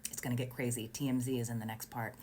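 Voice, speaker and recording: A woman recounting events in an animated, indignant storytime style, with sarcastic asides. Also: a bass voice, quick pace, a little hiss or hum. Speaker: vlogger recounting a court case. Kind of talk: storytime narration.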